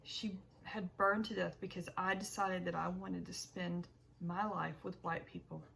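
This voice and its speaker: A woman narrating an audiobook in the first person, with a measured reading and small self-corrections. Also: fairly low pitch, level tone, creaky, fairly bright tone, a little hiss or hum, low-quality recording.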